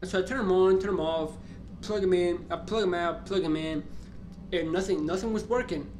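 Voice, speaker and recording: Speaking a little fast in a mid-range voice with a darkish tone, this young vlogger recounts a story with plenty of profanity. The telling is rambling, exasperated, and full of restarts, recorded with room echo and faint ambient noise behind it.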